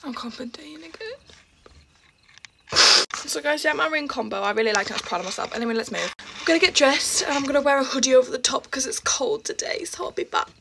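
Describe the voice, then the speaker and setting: A woman's voice: sits high, animated, fast talker, vocal fry, background noise. A teenage girl chatting while getting ready for school, dramatic and exasperated, laughing often. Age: teens. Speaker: vlogger. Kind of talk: get-ready-with-me vlog.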